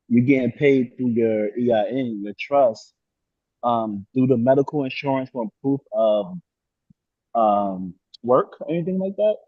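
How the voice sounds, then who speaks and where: Man, participant, hesitant, mid pitch, dull lo-fi dry call audio. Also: dry recording. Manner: hesitant, restarts with "um". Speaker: webinar participant. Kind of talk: casual question.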